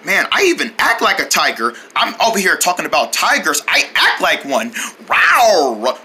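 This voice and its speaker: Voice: medium pitch, huge pitch swings, normal speed, bright, forceful tone, husky, exaggerated voice. A performer voicing a playful cartoon boy who loves tigers, growling and roaring between sentences. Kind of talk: cartoon character acting.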